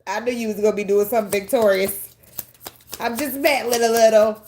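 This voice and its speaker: A woman's voice: fairly high pitch, fairly even intonation, fairly quick, a little mellow, slight background noise. A woman, giving a casual tarot reading in a chatty way, swearing, laughing often and getting emotional. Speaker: tarot reader.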